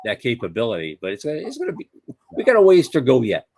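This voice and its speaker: A man's voice: medium pitch, fast talker, vocal fry. Older male co-host; casual, joking banter. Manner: joking, lively storyteller. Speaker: podcast co-host. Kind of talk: casual chat.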